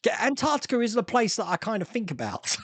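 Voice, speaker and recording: A man's voice: high-pitched, big pitch swings, fast talker, a bit bright, no echo. A man from Australia hosting a live stream, chatting casually and rambling through viewer comments with restarts and frequent chuckles.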